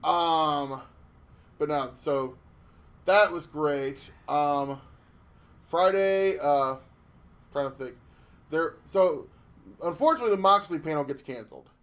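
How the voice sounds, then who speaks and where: A man co-hosting a casual podcast, telling stories in an animated way with lots of swearing and restarts. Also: a little high, slow pace, pauses often. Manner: animated storytelling with profanity and restarts. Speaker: podcast co-host.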